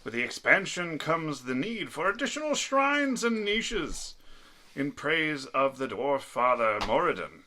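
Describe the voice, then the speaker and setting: A man's voice: a little high, very animated, measured pace, pushed and bright, full character voice. A man putting on a little old man voice to read an elderly dwarf cleric's backstory at a tabletop game. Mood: solemn. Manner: reads a backstory aloud in a storyteller voice. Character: elderly male dwarf cleric, weathered and stiff. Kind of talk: tabletop character backstory reading.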